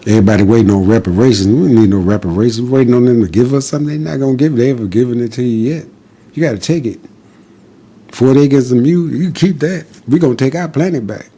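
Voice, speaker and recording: A man's voice: medium pitch, fast, dark tone, husky. A man giving an impassioned, defiant monologue as a podcast guest, preaching in short repeated declarations.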